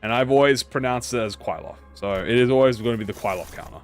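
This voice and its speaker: Over soft background music, a man with a medium pitch talks at a quick pace to his chat while gaming. This streamer's casual commentary wanders, mixing self-mocking jokes with liberal swearing.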